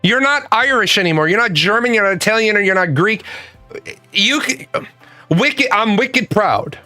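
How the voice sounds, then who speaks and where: Man, high bright voice, dry close sound, profane heated ranter reacting to clips. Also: brisk, no room sound, faint music behind. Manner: profane, ranting, emphatic. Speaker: reaction commentator.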